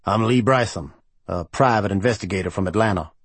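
A narrator plays a heavyset private investigator with a deep, scratchy voice and a slight American twang. He presses politely but keeps pushing, low and husky, recorded close and dry. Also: a little fast, no room sound. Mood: insistent. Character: barrel-chested middle-aged private investigator.

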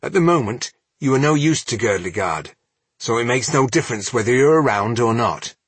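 A man's voice: mid-range voice, animated, fairly quick, husky, no echo. A man voicing a stern male dwarf who gives firm orders and cold threats in an audiobook.

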